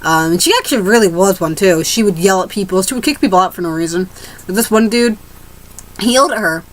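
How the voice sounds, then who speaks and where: A woman's voice: mid-range voice, fast talker, rough recording. A teenage girl ranting to camera in a rambling, casual way, restarting her sentences and swearing freely. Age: teens. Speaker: vlogger.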